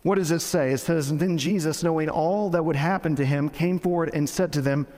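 A pastor preaches a sermon in a casual, joking way, his fairly high, slightly fast voice carrying a darkish tone. He often restarts his sentences, and the sound has the feel of a big room.

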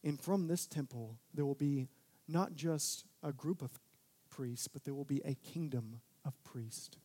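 A young man preaching a sermon, talking casually, then building to loud, emphatic peaks. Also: mid-range voice, unhurried, breathy edge. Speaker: pastor.

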